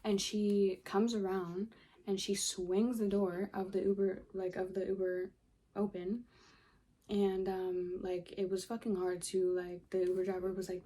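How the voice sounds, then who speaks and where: A woman's voice: mid-range voice, flat delivery, measured pace, dark tone. A young woman telling a story casually, exasperated, swearing a lot and saying "like" constantly. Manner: profane, filler-heavy, exasperated. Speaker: vlogger.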